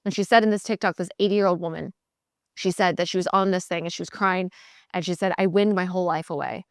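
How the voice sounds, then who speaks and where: A woman hosting a podcast, giving blunt, animated sales coaching in a casual motivational talk. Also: lowish voice, fast, smooth, dry recording, studio quality. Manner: blunt, animated, mimics voices in quotes.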